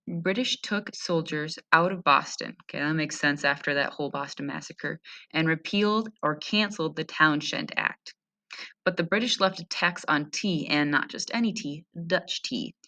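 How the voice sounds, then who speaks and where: Reading a history lesson aloud, a female teacher speaks in a low, sharp voice. She stops now and then to add comments and asks her audience rhetorical questions in a friendly way.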